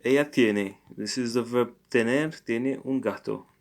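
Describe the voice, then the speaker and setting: Slow, hesitant male language teacher. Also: medium pitch, creaky, darkish tone. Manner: thinks aloud, hesitant with frequent fillers; corrects his own mistakes good-humouredly. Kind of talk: informal language lesson.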